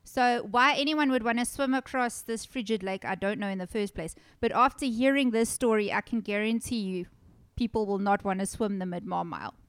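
A woman's voice: on the high side, clean tone, no room sound, clean studio sound. A woman from South Africa hosting a podcast, chatting casually and telling a story with lots of laughter. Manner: giggly, animated storyteller. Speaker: podcast host. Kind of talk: casual chat.

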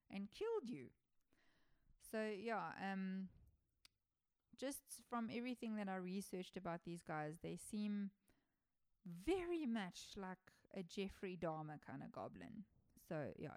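A woman's voice: on the low side, a little mellow, clean tone, no echo. Casual young woman podcast host. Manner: casual, chatty, enthusiastic, with slang and laughter. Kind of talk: solo folklore podcast commentary.

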